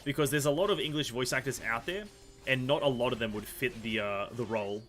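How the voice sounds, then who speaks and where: A man's voice: medium pitch, a little fast, fairly bright tone, faint music behind. Rambling Australian man narrating gameplay. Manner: rambling, filler-heavy, self-correcting chatter. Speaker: gaming video host. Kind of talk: casual gameplay commentary.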